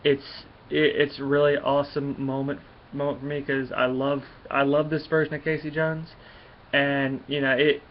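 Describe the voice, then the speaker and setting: A man's voice: mid-range voice, flat delivery, moderate pace, slight background noise. A man giving a casual, rambling comic book review, full of fillers and restarts. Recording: dull lo-fi recording.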